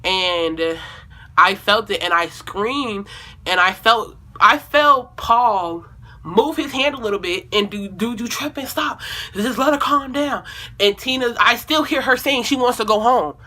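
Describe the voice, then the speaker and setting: A young woman vlogger telling a personal story in a casual, animated way, with lots of profanity and acted-out quotes. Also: a little high, measured pace.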